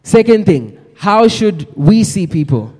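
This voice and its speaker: A man's voice: high-pitched, sing-song, slow pace, darkish tone, slightly rough. Man preaching in an echoey hall. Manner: earnest, exhorting, addresses the crowd directly. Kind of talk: sermon. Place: church hall.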